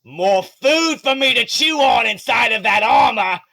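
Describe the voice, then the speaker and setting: A man's voice: very high voice, expressive, measured pace, voice pushed up, exaggerated voice. A man voicing a giant, hostile shark man who roars his threats. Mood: roaring menace. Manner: roaring, menacing, shouted.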